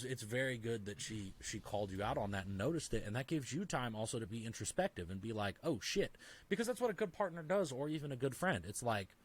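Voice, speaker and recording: Medium in pitch with a breathy edge, a male podcast guest talks casually and with emphasis. His speech is crowded with "like"s and fillers, and he often voices other characters in mini-dialogues.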